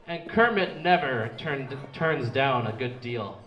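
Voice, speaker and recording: A man's voice: medium pitch, expressive, takes it slowly, dull audio. A young man doing a stand-up comedy set in a small club, rambling and restarting his words as he goes. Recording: echoey club room.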